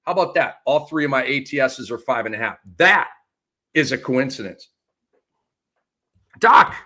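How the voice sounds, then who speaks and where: Hyped-up guy cohosting a hoops betting show, voice jumps all over, bright and punchy. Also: medium pitch, moderate pace, long pauses. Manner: excitable, animated, slangy. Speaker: co-host. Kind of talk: sports betting chat.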